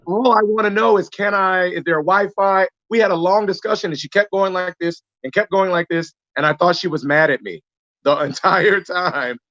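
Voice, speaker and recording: High-voiced animated American storyteller. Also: male voice, moderate pace, dry recording, highs cut off. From United States. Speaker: actor guest. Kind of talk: casual chat on a live stream.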